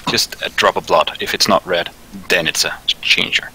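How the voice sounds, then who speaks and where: Male player, very low voice with a sharp, forceful edge. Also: fairly even intonation, normal speed, slight background noise, rough recording. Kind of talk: tabletop game play.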